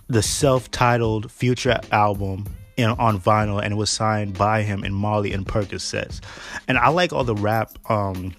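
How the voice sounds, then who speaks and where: A man with a low voice recaps an episode in a loose, slangy ramble, laughing at the jokes as he goes. Faint music sits under his voice. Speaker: podcast host.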